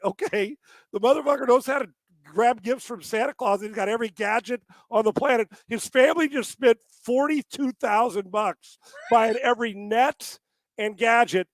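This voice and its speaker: A man co-hosting a sports talk podcast, ranting with lots of swearing, laughing often and breaking into shouts. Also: very high-pitched, moderate pace, no echo. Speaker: podcast co-host.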